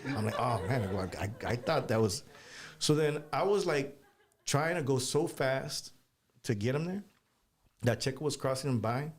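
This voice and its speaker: A man, a guest musician, telling casual stories in an animated way and laughing as he talks. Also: mid-range voice, moderate pace. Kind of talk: casual storytelling.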